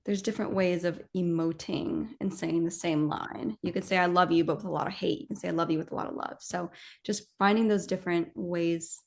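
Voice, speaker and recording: Animated actress rambling about her craft. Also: lowish voice, fairly quick, vocal fry. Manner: animated, rambling, many fillers and restarts. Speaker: actress and interview guest. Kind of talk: casual interview chat.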